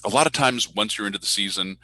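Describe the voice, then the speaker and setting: A man's voice: fairly low pitch, fast talker, no room sound, low-quality recording. A man who works as a public address announcer, telling stories in a casual online Q&A and acting out the voices in his anecdotes. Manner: animated storyteller who acts out voices in anecdotes. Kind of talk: casual talk in an online speaker Q&A. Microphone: video call.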